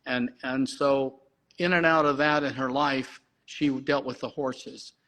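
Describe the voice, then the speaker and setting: A middle-aged man, a horse breeder and guest, telling a long story in an excited way and often restarting his sentences. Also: mid-range voice, unhurried, low-quality recording. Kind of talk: animated storytelling.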